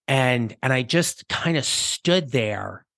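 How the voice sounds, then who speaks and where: A man hosts a coaching podcast and tells a story from his own life in an easy, reflective way. His voice is bright and forward. The close mic sounds dry, with no room around it. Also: mid-range voice, expressive, slow pace, creaky, dry recording. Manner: conversational, reflective, with small restarts. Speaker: podcast host and career coach. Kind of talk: personal storytelling monologue.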